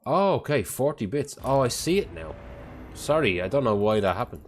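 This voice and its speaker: A man's voice: medium pitch, sing-song, moderate pace. A man chatting casually on a live stream, rambling and swearing freely, often sounding exasperated. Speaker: parent.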